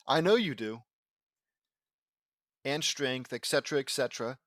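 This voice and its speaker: A man's voice: medium pitch, moderate pace, pauses often, a bit bright, dry recording, studio quality. A man with a sore throat reading fan fiction aloud at home, wandering off into rambling, self-deprecating asides. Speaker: fan fiction audiobook reader.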